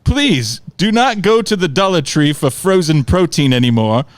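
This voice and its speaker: A man's voice: on the high side, big pitch swings, moderate pace, no room sound. A man putting on a pompous posh Londoner. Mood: haughty. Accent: London English, put on. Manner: haughty, mock-formal insults. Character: pompous posh older Englishman, uncle.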